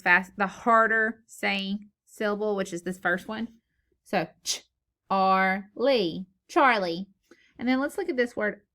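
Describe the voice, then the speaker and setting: A woman teacher leading a phonics lesson for young children, slow and encouraging, sounding out words syllable by syllable. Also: medium pitch, bright, forceful tone. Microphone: recorded lesson video.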